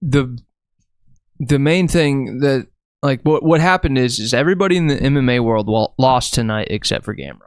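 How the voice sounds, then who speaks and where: A man co-hosting a fight podcast who calmly sums up the others' arguments and weighs both sides. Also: medium pitch, normal speed, smooth, dry recording, studio quality. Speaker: podcast co-host. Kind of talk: casual chat.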